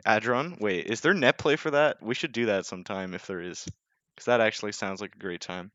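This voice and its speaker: A man's voice: fairly low pitch, brisk, fairly bright tone, dry recording, muffled recording. A young man casting a live game, casual and joking, often self-deprecating and full of fillers. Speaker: esports caster.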